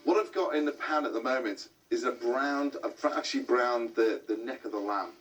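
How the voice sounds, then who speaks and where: A man's voice: medium pitch, fairly quick, a bit bright. A man hosting a cooking show, explaining each step in a chatty way as he cooks. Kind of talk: cooking demonstration. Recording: distant mic with background music.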